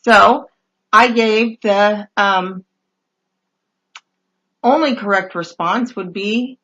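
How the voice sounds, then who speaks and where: A woman telling funny stories in a casual, wry, deadpan way, full of hesitant fillers, as she reads out messages she got on a dating site. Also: on the high side, slow pace, rough recording. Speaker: podcast host reading dating-site messages. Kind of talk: casual comedic storytelling.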